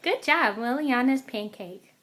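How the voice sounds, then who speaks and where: A mother patiently coaxing her toddler to repeat words, saying each one slowly and clearly at home. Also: a little high, lively intonation, fairly bright tone. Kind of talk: coaching a toddler to speak at home.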